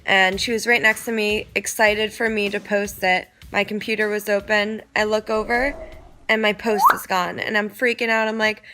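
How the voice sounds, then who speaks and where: A woman's voice: mid-range voice, moderate pace, a little hiss or hum. A young woman telling a personal story casually, peppering it with "like" and quoting others. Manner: chatty, heavy use of "like", animated quoting.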